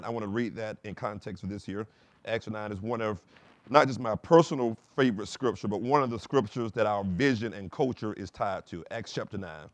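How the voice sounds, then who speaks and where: A man's voice: on the low side, no room sound. A male pastor preaching a sermon, reading scripture aloud and calling on the congregation to answer back. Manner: preaching with call-and-response prompts; reads scripture aloud between points.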